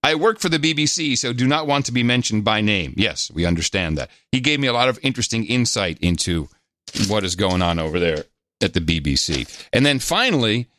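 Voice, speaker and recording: A man hosting a podcast, reading out listener donations and notes in a casual, halting way with many filler pauses. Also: on the low side, animated, a bit bright, no room sound. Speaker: podcast host.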